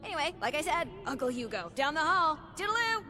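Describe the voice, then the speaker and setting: An actress voicing a brisk, chirpy female ghoul scientist in a video game, perky and a little sarcastic. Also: high voice, big pitch swings, bright, forceful tone, soft background music, full character voice.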